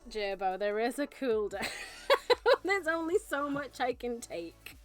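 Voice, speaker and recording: A woman's voice: a little high, very animated, slow pace, soft background music. A young woman hosting her live stream, giggling often, gushing and tripping over her words. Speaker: streamer and nail technician. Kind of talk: casual live-stream chat.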